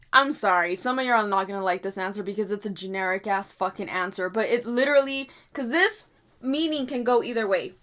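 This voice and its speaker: A young adult woman reading tarot cards for sports predictions in a casual chat to her viewers, animated, swearing freely and often apologizing. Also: medium pitch, brisk. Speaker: tarot reader predicting basketball games.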